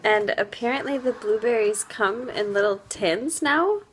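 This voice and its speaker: A woman's voice: medium pitch, unhurried, background noise. Gushing young woman vlogging at home. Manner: gushing, heartfelt, heavy use of "like". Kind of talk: casual vlog chat.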